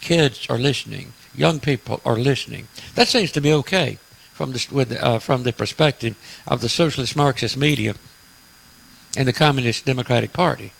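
A man's voice: mid-range voice, normal speed, gravelly, breathy edge, low-quality recording. A man hosting a radio talk show, delivering an emphatic, preachy political monologue with frequent "uh" fillers.

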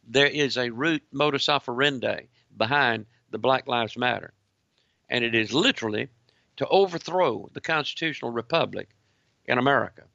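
Gravelly guy doing a commentary broadcast, bright forceful tone, dry dull lo-fi sound, keeps repeating himself for emphasis. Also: mid-range voice, dry recording. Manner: emphatic, repetitive, reads articles aloud.

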